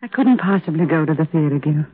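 An actress playing a young mother numb with grief in a 1950s radio drama, hushed and despairing. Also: sits low, expressive, fast, husky, no room sound, soft background music. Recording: tinny old radio broadcast.

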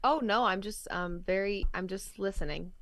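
A woman's voice: medium pitch, moderate pace, fairly bright tone, dry recording. A woman co-hosting a sports podcast who gives firm, blunt counterpoints in casual debate. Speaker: podcast co-host.

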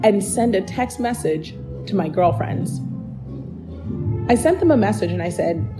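A woman's voice: medium pitch, expressive, unhurried, long pauses. A woman hosting a podcast, telling a personal story in an earnest, encouraging way and speaking straight to the listener. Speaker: podcast host. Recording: music playing behind the voice.

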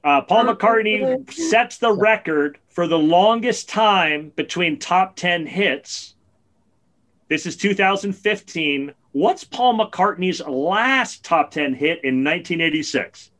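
A podcast co-host with a slightly high voice tells stories in casual chat at a slow pace. He's an animated storyteller who gets excited and loud when he reaches the punchlines.

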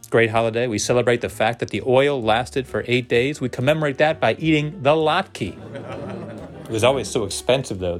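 Stand-up comic guy, dry asides, faint guitar music underneath. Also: fairly low pitch. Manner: wry, conversational punchlines. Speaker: comedian. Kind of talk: stand-up routine.

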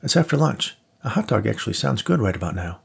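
A perky, quick-witted young woman with a lilting, cheeky way of talking, as a man puts her on. Her tone sits above his low, husky natural voice, and it still has a gravelly edge underneath. It is an audiobook character voice. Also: sing-song, heavily acted.

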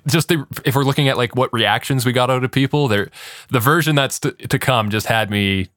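Relaxed male podcast co-host, mid pitch, close dry mic. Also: fairly quick, no echo. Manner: laid-back, laughs often. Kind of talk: casual podcast chat.

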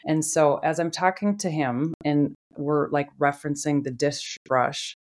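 Woman, podcast host, casual storytelling, animated, low voice. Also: a little slow. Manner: animated, laughs while telling stories.

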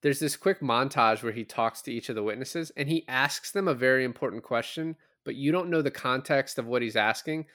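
A man's voice: medium pitch, fairly quick, hardly any pauses, no echo. Dry-sounding man chatting about a film. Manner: relaxed, swears casually, retells scenes with quoted lines. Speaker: podcast co-host, lawyer. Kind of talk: casual movie discussion.

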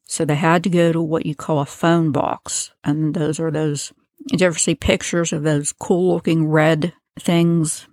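A woman's voice: low voice, level tone, a little slow, a little mellow, dry recording. An American woman hosting a true crime podcast, retelling a case in a casual, chatty way with asides and filler words. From United States. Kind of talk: casual storytelling lesson.

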